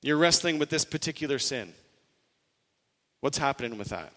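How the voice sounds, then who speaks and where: A man's voice: mid-range voice, animated, moderate pace, fairly bright tone, long reverb tail. A male pastor preaching an earnest sermon, voicing quoted lines with rising emphasis.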